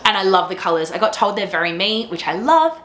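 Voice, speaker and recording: A young Australian woman, a teacher, hosts a knitting podcast and chats casually to camera, gushing with enthusiasm and laughing often. Her medium-pitched voice is very animated and fairly bright, and she talks a little fast. The sound is reverberant.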